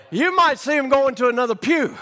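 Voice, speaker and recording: A man preaching a sermon, rising from quiet storytelling to fervent shouting. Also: very high-pitched, big-room sound.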